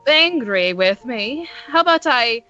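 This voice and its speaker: A coy, wheedling young fortune teller in a tabletop game, as a woman puts her on, her voice bright and forward. The recording sounds a little dull, with faint music underneath. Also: fairly high pitch, expressive, measured pace, pitched above the performer's own voice. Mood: coaxing.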